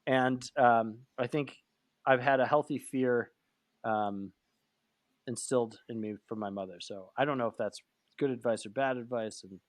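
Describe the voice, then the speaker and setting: Talking at normal speed in a medium-pitched voice, a podcast co-host keeps things casual, rambling and self-deprecating, with plenty of laughs. The recording is studio quality with no room sound.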